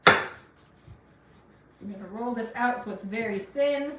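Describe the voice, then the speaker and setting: A middle-aged, unaccented Afghan woman talks slowly in a fairly high voice to her livestream viewers as she cooks at home, chatty and encouraging, with a small allergy sniffle. The recording is very noisy, roomy, and taken from a distant mic.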